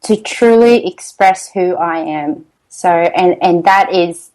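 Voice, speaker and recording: A woman's voice: on the low side, takes it slowly, darkish tone, poor audio. A woman with an Australian accent, a podcast guest in casual interview chat, cheerful and laughing often as she talks.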